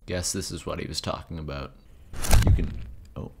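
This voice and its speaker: A man giving sarcastic, jokey let's-play commentary on horror games, reacting loudly to scares. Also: rumbling low, fairly even intonation, moderate pace, vocal fry, noisy background. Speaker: gaming YouTuber. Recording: game music behind the voice. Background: game music.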